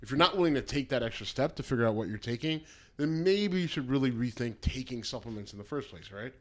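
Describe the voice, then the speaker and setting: A man's voice: mid-range voice, lively intonation, fast. Blunt, swearing podcast guy. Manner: blunt, crude jokes. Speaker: podcast co-host. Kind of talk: casual chat.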